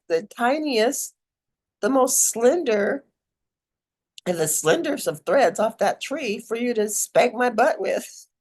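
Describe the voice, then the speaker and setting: A woman's voice: fairly high pitch, a little mellow. A middle-aged woman giving a casual spiritual talk as a mentor, chatty and digressive, often laughing.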